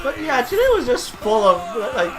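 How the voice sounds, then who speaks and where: A man spinning animated, swear-laced stories in casual chat over a gameplay session, packing his talk with "like". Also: extremely high pitch, moderate pace. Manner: animated storytelling full of "like" fillers, swears freely. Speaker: storyteller co-host of a gameplay video. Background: video game music.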